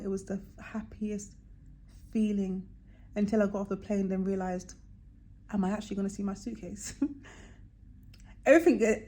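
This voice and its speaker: A young woman vlogging, casually telling a travel story and acting out the voices of people she quotes with big jumps in pitch. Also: a little mellow.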